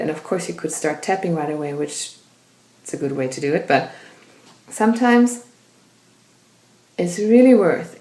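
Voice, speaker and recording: A woman coaching viewers on emotional release, speaking directly to them in a gentle, reflective and inviting way. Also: fairly low pitch, roomy sound. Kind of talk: direct-to-viewer guidance talk.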